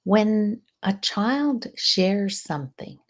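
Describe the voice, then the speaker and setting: A woman hosting a live session as a stress management coach, speaking in a slow, soothing, guiding way with some softly breathed phrases. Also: medium pitch, lively intonation.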